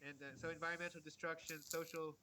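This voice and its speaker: A man giving an online art lecture over a video call, halting with many fillers and restarts. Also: on the high side, level tone, noisy background. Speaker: guest lecturer on African art.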